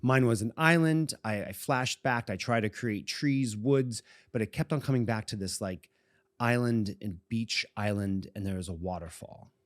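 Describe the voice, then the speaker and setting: At a moderate pace and in a lowish voice, a Boston podcast co-host in his forties rambles casually through a long personal story, laughing frequently. The sound is dry and clean, studio grade.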